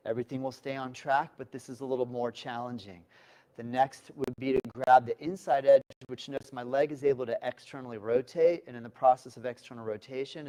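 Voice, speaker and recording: A man teaching yoga, calmly guiding beginners step by step through a balance pose. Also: mid-range voice, rough recording. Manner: calm step-by-step coaching. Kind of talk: instructional yoga demonstration.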